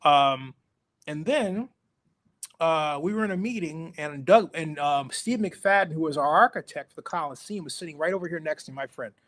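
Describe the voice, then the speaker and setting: A middle-aged man telling stories as an interview guest, animated and acting out the voices of people he quotes. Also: a little high, moderate pace. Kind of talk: storytelling interview.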